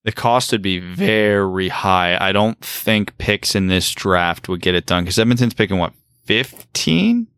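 A man's voice: low voice, animated, a little slow, a bit bright, smooth, no echo. A man co-hosting a casual sports podcast, reasoning through his points with rhetorical questions. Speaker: podcast co-host.

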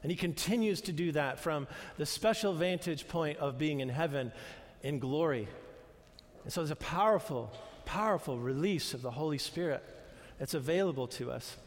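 Older male pastor, earnest and chatty in the pulpit, higher-pitched, recorded with a long reverb in a church hall. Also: moderate pace. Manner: conversational, earnest, with restarts and asides. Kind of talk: sermon.

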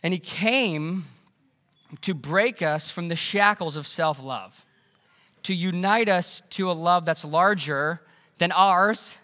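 This is a man in his thirties preaching a sermon, earnest and conversational, with frequent restarts. His voice sits high and sounds bright and forceful. It rings with the long reverb of a church hall. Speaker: pastor. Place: church sanctuary.

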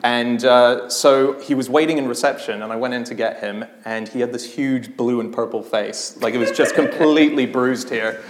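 A man in a live podcast interview, telling anecdotes in an animated way and often breaking into laughter. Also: medium pitch, moderate pace, hardly any pauses. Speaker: podcast guest. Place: live podcast stage in a theatre venue. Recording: roomy live venue with faint noise.

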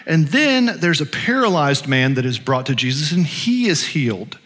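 A male pastor preaches in a loose, conversational way, dotting his talk with fillers. His voice is bright and a little high, and it rings out with a long hall reverb in a church sanctuary. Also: very animated, moderate pace. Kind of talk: sermon.

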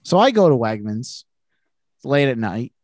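A man's voice: medium pitch, very animated, measured pace, darkish tone, dry recording. A man co-hosting a podcast, telling a self-mocking funny story in casual chat and laughing through it. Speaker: podcast co-host.

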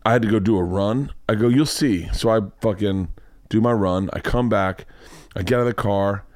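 A man's voice: lowish voice, normal speed, no echo. Profane storytelling man, dry close mic. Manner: profane, animated, acts out voices in anecdotes. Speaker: podcast host. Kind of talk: casual storytelling chat.

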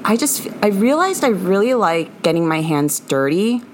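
A woman's voice: mid-range voice, very animated, normal speed, slight background noise. A young woman co-hosting a casual podcast, rambling with lots of fillers and giggles. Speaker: podcast co-host.

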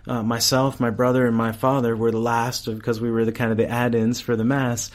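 Animated man telling a story, laughing. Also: mid-range voice. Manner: animated, laughs often, many restarts. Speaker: priest and campus chaplain, guest. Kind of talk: casual storytelling in an interview.

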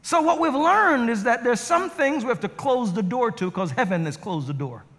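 A man's voice: very high-pitched, moderate pace. A male guest pastor preaching a sermon and telling stories with acted quotes, recorded in a church sanctuary. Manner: animated storytelling with acted quotes. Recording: reverberant hall.

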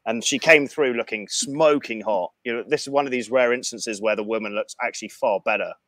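A man telling a profane anecdote in casual chat, animated and frank. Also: mid-range voice, a little fast, no room sound. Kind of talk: casual storytelling.

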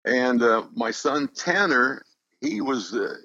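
A man's voice: medium pitch, lively intonation, slow pace, pushed and bright, no echo, highs cut off. An older man, a voice actor guest in a casual interview, telling stories in an easygoing, self-deprecating way.

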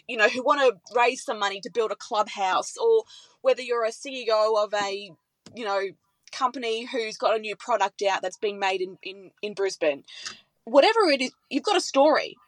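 Enthusiastic woman, high voice. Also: no room sound, poor audio. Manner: enthusiastic, emotional. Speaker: radio presenter. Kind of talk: conversational interview.

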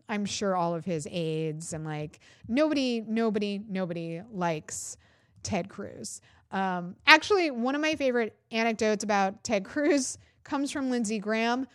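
A woman's voice: fairly high pitch, dry recording, studio quality. A woman podcast host ranting casually, profane, sarcastic and exasperated.

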